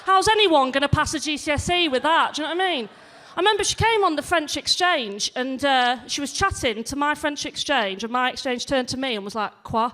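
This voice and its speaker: A woman's voice: high-pitched, animated, a little fast, hardly any pauses, bright, forceful tone. A woman in her twenties with a Yorkshire accent, performing a chatty, self-mocking stand-up set on a comedy stage. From northern England, near Leeds.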